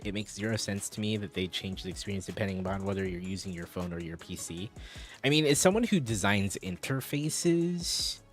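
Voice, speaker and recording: Guy chatting with his stream, rambly, lowish voice, some quiet music behind. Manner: rambling, chatty, answering viewers' chat. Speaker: live streamer. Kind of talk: casual livestream chat.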